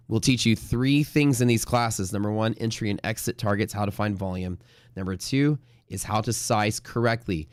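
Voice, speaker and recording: A man hosting a live day trading stream, chatting casually and joking, then pitching his trading classes. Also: dry recording, studio quality. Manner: joking, laughs at his own jokes.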